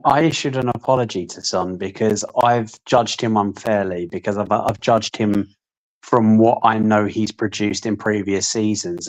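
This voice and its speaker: Low-voiced man giving opinionated takes. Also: rough recording. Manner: long opinionated monologues, measured. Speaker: podcast co-host. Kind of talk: casual fan stream chat.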